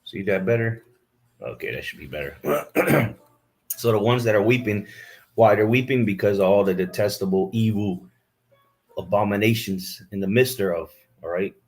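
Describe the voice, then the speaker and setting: A man's voice: fairly low pitch, normal speed, long pauses. A man preaching a fiery sermon, scolding his listeners and reading scripture aloud into a camera he set up himself.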